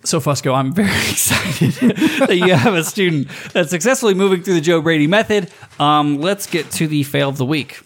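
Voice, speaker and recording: A man's voice: on the high side, brisk, few pauses, a bit bright. A man co-hosting a podcast in casual chat, joking and swearing. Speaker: podcast co-host.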